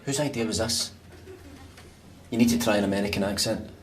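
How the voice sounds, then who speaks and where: A man's voice: fairly low pitch, fairly quick, very noisy, natural voice. An actor with a Scottish accent playing an exasperated man stuck in a lift, grumbling and incredulous.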